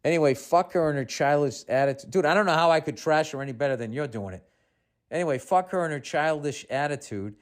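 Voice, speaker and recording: A man's voice: on the high side, fast. A man in his fifties, a podcast host with a Boston accent, reading a listener's letter aloud and breaking in with sarcastic, exasperated asides.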